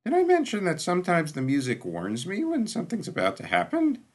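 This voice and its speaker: A man's voice: high-pitched, huge pitch swings, fairly quick, voice pushed up, full character voice. A man voicing a nervous, hesitant companion who speaks tentatively.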